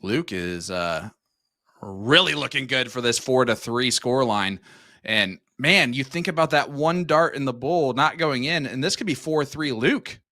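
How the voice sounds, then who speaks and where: A friendly male darts commentator at a medium pitch, with a bright, forceful tone. He calls the play and greets viewers by name and place. The sound is dry, with no room around it. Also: lively intonation, a little slow, dry recording. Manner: friendly, reads out viewer shout-outs between play calls. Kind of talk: live sports commentary.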